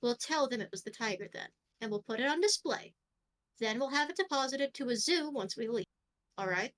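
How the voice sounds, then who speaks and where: A woman voicing a calm female circus boss who gives firm, steady orders. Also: a little high, brisk.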